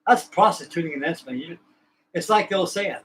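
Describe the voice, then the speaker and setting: A man's voice: a little high, lively intonation, brisk, fairly bright tone, a little hiss or hum, low-quality recording. A man hosting a livestream, chatting casually in a folksy, rambling, colloquial way. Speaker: livestream host. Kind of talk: casual chat.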